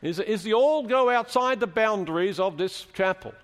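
A fairly high-voiced man delivers a teaching sermon, working through scripture and putting questions to his listeners. His voice carries a long reverb from the chapel he speaks in. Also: animated, moderate pace. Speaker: preacher.

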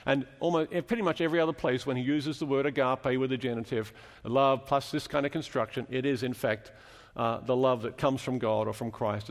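A man's voice: medium pitch, in a large hall. A man preaching a sermon in a chapel, explaining scripture and asking the congregation questions as he teaches.

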